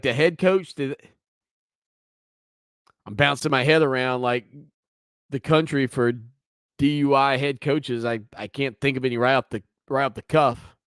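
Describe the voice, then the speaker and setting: A man's voice: mid-range voice, a bit bright, clear, resonant tone, no echo, clean studio sound. A man hosting a sports talk radio show, talking through the news in a conversational, opinionated way with teasing asides.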